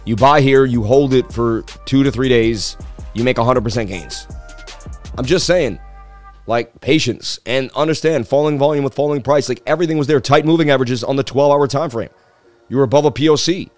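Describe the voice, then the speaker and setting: Male streamer, boastful and pumped, slightly hoarse, middle register, soft music bed. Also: mid-range voice, brisk. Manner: hyped, boastful, talks straight to viewers. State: slightly losing his voice. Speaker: crypto market analysis livestream host. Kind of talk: casual livestream chart analysis.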